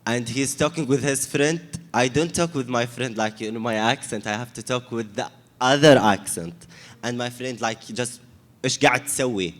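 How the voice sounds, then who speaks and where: A man speaks on a discussion panel in halting, restarting English and stresses his points hard. His voice sits in a middle register. Long reverb from a large hall trails each phrase. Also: mid-range voice. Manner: hesitant, many restarts, emphatic. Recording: echoey hall.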